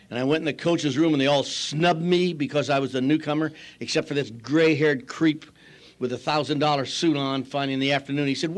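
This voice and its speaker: Older man, AA speaker, slightly high voice, dry self-mocking storyteller who mimics the people he quotes. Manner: wry, self-mocking humor. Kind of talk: recovery talk storytelling.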